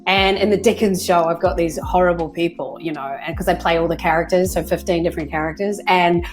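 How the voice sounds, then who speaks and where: Chatty New woman, animated. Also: fairly low pitch, fast, over music. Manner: chatty, animated, laughs often. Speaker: guest voice actress. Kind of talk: casual video-call interview.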